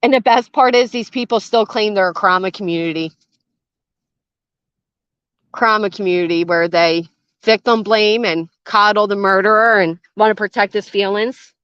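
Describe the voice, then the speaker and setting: A woman's voice: mid-range voice, moderate pace, fairly bright tone, clear, resonant tone, no echo. An older woman hosting a reaction commentary channel, blunt, sarcastic and swearing freely, recorded outdoors by a garden fence. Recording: dull, dry lo-fi sound.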